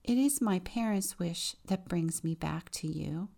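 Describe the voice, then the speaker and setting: A woman's voice: on the low side, a little slow, gravelly, dark tone. A woman voicing a shy, kind and humble peasant girl.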